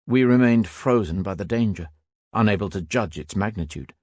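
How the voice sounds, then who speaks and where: A man narrating a first-person war memoir audiobook in a steady, grave manner. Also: lowish voice, normal speed, dry recording.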